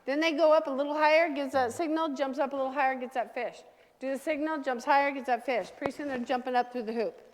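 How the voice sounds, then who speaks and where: A woman dog trainer leading a hands-on class, giving brisk, direct commands to owners and their dogs. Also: sits high, fairly even intonation. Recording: long reverb from a large room.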